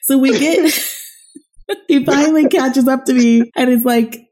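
Woman chatting, laughs a lot, mellow warm voice, acts out the story. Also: sits high, a little slow. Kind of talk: casual chat, storytelling.

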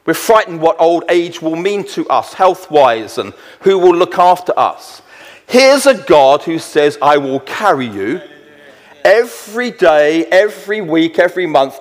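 Preacher, middle-aged man, slightly higher voice, reads verses slowly and emphatically, long hall echo. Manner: slows down to read verses with emphasis. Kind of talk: sermon.

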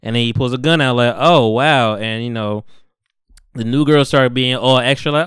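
This podcast host is a young man who goes over a TV episode casually, using slang, staying relaxed, and performing the characters' dialogue. He speaks at medium pitch and a moderate pace with a fairly bright, clean tone, and the studio sound is clean with no room noise.

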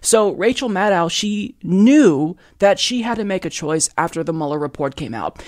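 A man delivers a political opinion monologue in a fairly high voice. He leans hard on his points and speaks directly to his audience. His voice sounds close and dry, with no room around it. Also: lively intonation, normal speed, few pauses, a little mellow, dry recording. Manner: emphatic and persuasive, addresses viewers directly. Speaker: political commentary host.

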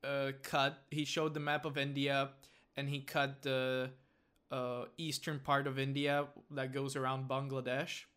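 A man hosting a podcast, chatty and quick to laugh in casual conversation. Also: medium pitch, little pitch movement, fairly bright tone, clean tone. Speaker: podcast host.

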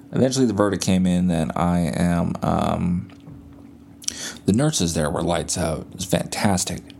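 Gravelly, low-voiced podcast host. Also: male voice, a little mellow, a little hiss or hum. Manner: laid-back, profane, rambling with many fillers. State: bedridden, buzzed on painkillers. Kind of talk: casual solo podcast storytelling. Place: at home.

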